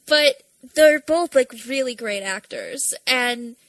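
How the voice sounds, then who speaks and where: A woman's voice: high voice, expressive, extremely slow, a bit bright, dry recording, poor audio. A young woman co-hosting a casual podcast, chatty and profane, laughing often. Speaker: podcast co-host. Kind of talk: casual chat.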